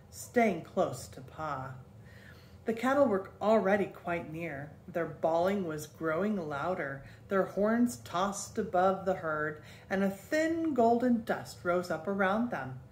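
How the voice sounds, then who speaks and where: Older woman, grandmother, reading aloud, gentle storybook telling, even pace. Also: on the low side, echoey room, slight background noise. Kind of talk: reading a children's book aloud.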